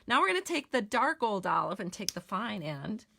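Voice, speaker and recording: A middle-aged American woman demonstrates card-making one step at a time, her medium-pitched voice very animated, gravelly, pushed and bright at a moderate pace. Chatty and homey, she keeps correcting herself while coloring in this casual tutorial.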